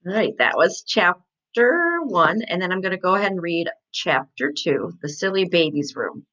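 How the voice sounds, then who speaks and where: A woman reading a children's chapter book aloud in an animated storytelling manner. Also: fairly low pitch, normal speed. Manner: animated storytelling with light laughs. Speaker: reader. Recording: dull lo-fi sound.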